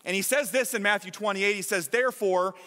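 A man delivers an emphatic, energetic sermon to his congregation. His voice sits high and sounds bright and forceful. The large church hall adds a long reverb tail. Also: brisk. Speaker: pastor.

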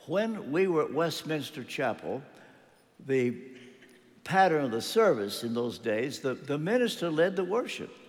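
Older male preacher in a reverberant hall. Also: a little high. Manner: storytelling preacher, acting out quotes, rising and falling emphasis. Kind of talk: sermon. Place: church.

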